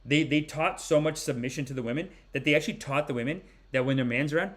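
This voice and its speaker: Forties male host, comic pundit; animated, rambling, mock-sermon delivery, slightly high voice. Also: fast. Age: 40s. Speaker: podcast host. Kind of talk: comedic commentary.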